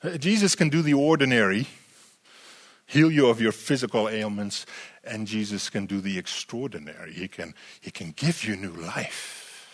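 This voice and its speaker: A man preaching a sermon, animated and full of rhetorical questions to the congregation, often repeating words as he restarts. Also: fairly low pitch, moderate pace.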